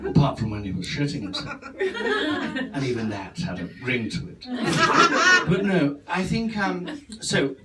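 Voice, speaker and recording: A man doing a vain older stage actress, rambling and self-absorbed, her lively voice swooping up and down between deadpan asides. It is a live character-comedy set on a club stage. The mic sits at a distance, and loud room noise runs underneath. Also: fairly high pitch, measured pace.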